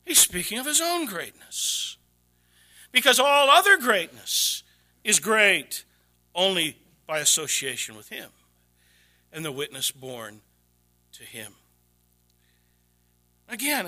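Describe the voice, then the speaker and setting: A male pastor delivers a sermon in a church with a high, very bright and forceful voice. His preaching is dramatic, dropping to hushed near-whispers for emphasis, then rising to loud, high-pitched exclamations. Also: big pitch swings, slow, long pauses.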